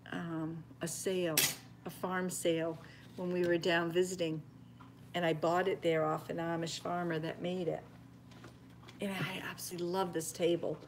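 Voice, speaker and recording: A woman's voice: lowish voice, background noise. Chatty older woman cooking on a home live stream. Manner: chatty, homey, talks to viewers while cooking, drops to a near whisper at times. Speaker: homestead cooking vlogger. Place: home kitchen.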